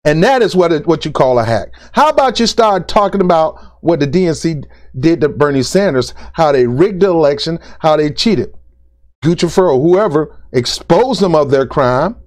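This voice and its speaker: This man's fairly high-pitched voice moves at normal speed with lively intonation as he delivers an opinion rant to camera. Blunt and exasperated, the political vlogger hammers the same points again and again, tossing in "ain't" and "dude."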